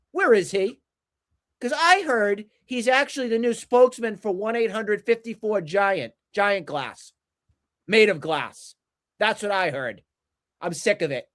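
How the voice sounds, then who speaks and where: Angry male podcast co-host, unhurried profane rant. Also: sits high, fairly bright tone. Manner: angry, profane, repetitive ranting.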